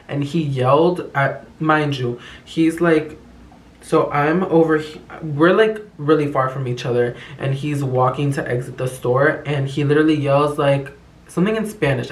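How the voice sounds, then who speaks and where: Young man telling a profane story in an echoey room. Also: a little high. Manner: profane, slangy, rambling storytelling. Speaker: vlogger. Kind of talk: casual storytime vlog.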